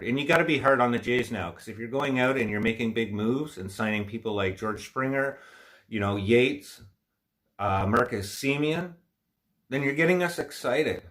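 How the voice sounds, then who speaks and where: A man's voice: fairly low pitch, a bit bright. A man hosting a casual livestream chat, talking in a rambling, opinionated, frustrated way, with a stuffy nose from allergies. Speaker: livestream host.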